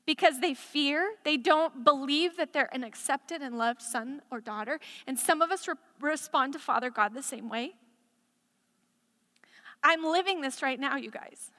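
High bright impassioned woman preacher. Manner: impassioned, building to emphatic declarations. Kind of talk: sermon. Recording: echoey hall reverb.

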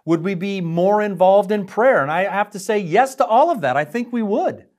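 A man's voice: sits high, expressive, moderate pace. A man preaching a sermon in an earnest, emphatic way, often asking his listeners questions. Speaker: pastor.

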